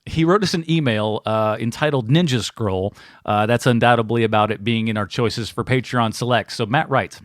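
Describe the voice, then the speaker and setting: A man's voice: medium pitch, moderate pace, no room sound, studio quality. A man co-hosting a movie podcast in casual, joking chat, reading out listener mail. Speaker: podcast co-host.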